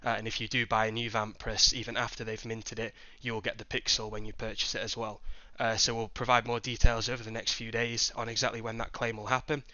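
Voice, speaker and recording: A man's voice: fairly low pitch, little pitch movement, fast, few pauses, bright, forceful tone, no echo, highs cut off. A man giving a project update on a voice call, beginning nearly every phrase with "uh". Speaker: project team member.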